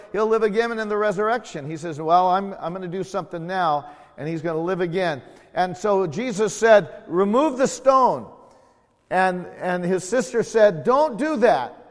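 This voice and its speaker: A man preaching a sermon as pastor, telling the story in a folksy way with small jokes and building to loud, emphatic calls. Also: high voice, in a large hall.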